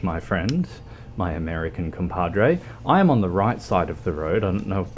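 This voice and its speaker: An Australian man chatting casually with viewers while streaming a game, halting and full of ums and restarts. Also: deep voice, lively intonation, husky. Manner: hesitant, many ums and restarts. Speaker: livestreamer. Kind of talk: casual chat while gaming.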